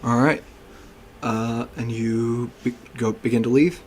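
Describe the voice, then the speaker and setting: A man narrating a tabletop game as game master, slowing to hushed description. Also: mid-range voice, fairly even intonation, a little hiss or hum.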